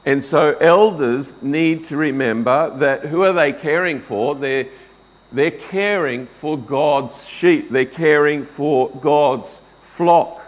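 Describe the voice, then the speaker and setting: A middle-aged man preaching a sermon, unhurried and deliberate, asking his listeners questions and answering them. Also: on the high side, poor audio. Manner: slow, deliberate, rhetorical questions. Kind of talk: expository sermon.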